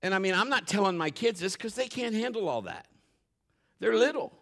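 A middle-aged man preaching from the pulpit with a somewhat high voice. He tells a story with emphasis, at times loud and exclaiming, at times dropping low and hushed. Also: lively intonation, brisk, gravelly. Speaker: pastor. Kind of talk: sermon storytelling.

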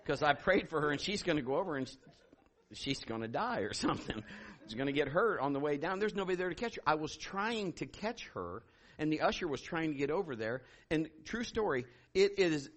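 A male pastor preaching a sermon, telling a story in an animated way and acting out what people said. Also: medium pitch. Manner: animated, laughing, acting out quotes.

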